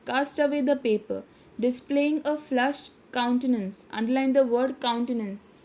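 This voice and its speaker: A woman's voice: sits high, a little mellow. A woman teacher with an Indian English accent, giving an online literature lesson and reading a story aloud with vocabulary instructions. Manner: instructive, repeats phrases, frequent restarts.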